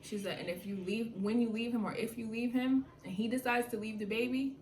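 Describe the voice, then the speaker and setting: A young woman tells her story in quick, slangy bursts, acting out what others said. She sits back from the mic, so the room's echo comes through. A faint hiss stays under her voice. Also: fairly high pitch. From New York. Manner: animated, slangy storytelling with quoted dialogue. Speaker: vlogger. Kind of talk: casual storytime. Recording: echoey room from far off, faint noise.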